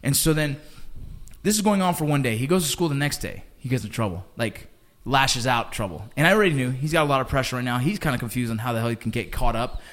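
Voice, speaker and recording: Brief: middle-aged male podcast host, lively casual storyteller, mid-pitched, calls everyone bro and dude. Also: fast talker. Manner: animated storyteller, says bro and dude a lot. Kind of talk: casual chat.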